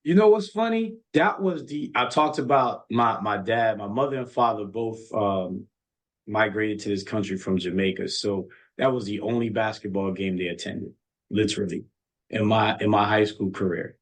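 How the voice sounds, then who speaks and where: A man who coaches college basketball talks in a voice on the low side at normal speed. He chats casually, telling earnest stories and often repeating his words.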